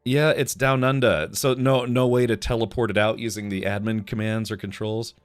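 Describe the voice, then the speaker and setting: A man's voice: fairly low pitch, steady tone, normal speed. A man hosting a casual livestream, joking and rambling as he reads chat messages aloud. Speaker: livestream host.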